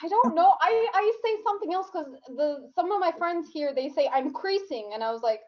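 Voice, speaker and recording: A woman's voice: extremely high pitch, animated, a little fast. A woman from Canada interviewing a guest in a playful, casual chat, laughing easily. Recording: dull lo-fi recording.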